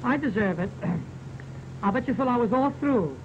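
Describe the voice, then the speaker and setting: A vaudeville comedian telling jokes in a stage monologue, with hesitant asides between the punchlines. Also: male voice, extremely high pitch, animated, unhurried, noisy background. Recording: muffled 1920s sound-film recording with music.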